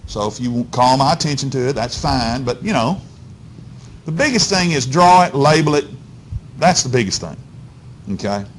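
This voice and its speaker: Animated man teaching physics. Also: medium pitch, normal speed, pauses often, slight background noise. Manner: keeps checking in with "okay?" and "all right?"; folksy, coaxing, talks straight to students. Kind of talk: classroom lecture. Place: classroom.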